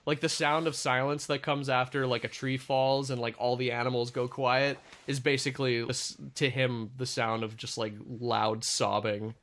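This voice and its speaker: A man's voice: mid-range voice, flat delivery, normal speed, hardly any pauses, fairly bright tone. A man with an ordinary mid-range voice narrates his character's actions at a tabletop game. He tells it earnestly, step by step, leaning on fillers. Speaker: player.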